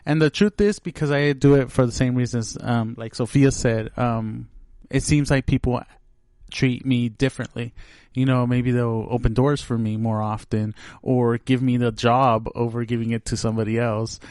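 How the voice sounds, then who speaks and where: A man's voice: medium pitch, fairly even intonation, moderate pace, darkish tone, clear, resonant tone, no echo, studio quality. A man co-hosting a podcast in casual chat, talking hesitantly and filling with "like" and "so". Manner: hesitant, full of "like" and "so". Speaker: podcast co-host.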